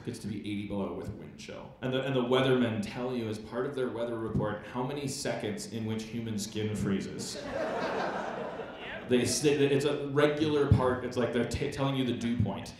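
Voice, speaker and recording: A man's voice: medium pitch, normal speed. A man from Wisconsin hosting a live comedy podcast, rambling and self-mocking with stammered restarts. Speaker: host. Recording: echoey theater with crowd.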